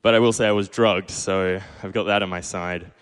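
A man's voice: low-pitched, fairly even intonation, moderate pace, fairly bright tone, clear, resonant tone, long reverb tail. A young man in his twenties from Perth with an Australian accent, telling a self-deprecating true story live on stage and acting out his own past lines. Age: 20s. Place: small pub stage.

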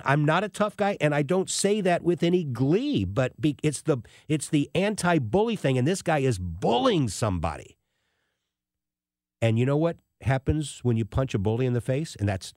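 A man hosting a radio talk show, telling a story in an emphatic, animated way. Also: medium pitch, no room sound, clean studio sound.

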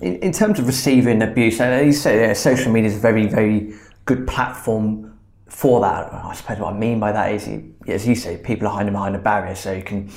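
A man's voice: on the low side, brisk, a little mellow. A male podcast host interviewing a guest conversationally, encouraging and stumbling a little as he starts questions. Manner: encouraging, stumbling over openings. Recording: echoey room.

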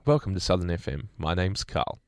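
A man's voice: sits low, big pitch swings, a little fast, smooth, no echo, studio quality. A man hosting casual breakfast radio, telling rambling stories with chuckles. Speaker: radio host. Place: radio studio. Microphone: studio microphone.

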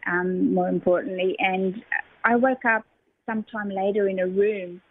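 A woman, a radio guest giving an emotional personal testimony, halting and full of fillers. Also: medium pitch, fairly even intonation, no room sound. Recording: phone-line audio.

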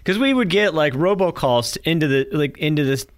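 A man's voice: a little high, expressive, fairly quick, dry recording, clean studio sound. A man co-hosting a podcast, chatting casually and laughing along. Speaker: podcast co-host. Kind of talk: casual chat.

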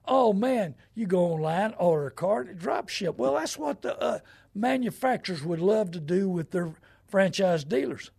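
A middle-aged man hosting a show, talking in a folksy, rambling way and leaning hard on his points. His voice sits high for a man and has a gravelly edge. It also sounds husky. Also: expressive, normal speed, a little mellow. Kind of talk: casual advice talk.

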